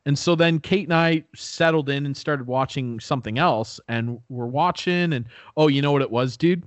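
A man's voice: fairly high pitch, moderate pace, no room sound. A young man co-hosting a podcast, rambling through a story in casual chat. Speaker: podcast co-host.

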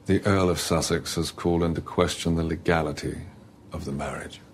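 Male actor as a ship captain, formal, stern, low-pitched, drama scene. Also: steady tone, a little hiss or hum, natural voice. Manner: formal, measured, officious.

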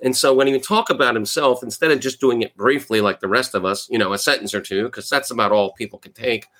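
A man's voice: medium pitch, fast, a bit bright. A man, a sales trainer giving advice in a conversational way, often checking in with the listener. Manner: conversational, keeps asking "right?". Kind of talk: talking-head sales advice.

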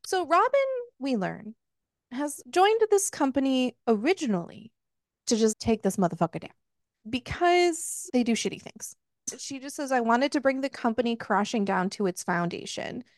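A woman co-hosting a book club podcast, retelling a romance novel in a casual, profane, animated way. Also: on the high side, normal speed, no echo, clean studio sound. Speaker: podcast co-host. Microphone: close podcast mic.

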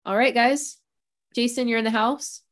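A woman's voice: fairly high pitch, fairly even intonation, normal speed, no echo. A woman hosting a podcast on a video call, chatting and reading out announcements in a rambling, casual way. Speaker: podcast host.

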